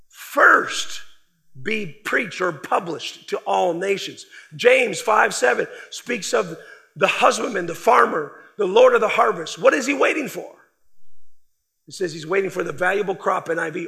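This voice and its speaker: A male preacher with a high, sharp voice and heavy gravel running through it. He delivers a sermon emphatically, hitting key words hard and then letting phrases fall away softly. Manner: emphatic, swings from loud stresses to quiet trailing phrases.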